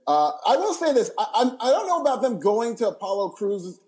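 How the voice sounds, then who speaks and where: A man's voice: high voice, sing-song, a little fast, darkish tone. A man co-hosting a casual podcast chat, eagerly recapping events and giving his opinions.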